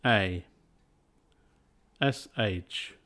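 Male teacher for a pronunciation course; scripted, deliberate reads at a very slow pace. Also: fairly low pitch, sharp tone. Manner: slow and deliberate, carefully spaced words.

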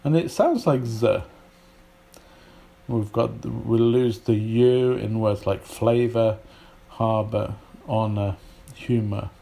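A man teaching at an unhurried pace, his voice mellow and warm. He explains patiently and illustrates each point with spoken examples. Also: on the low side, gravelly. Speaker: English teacher.

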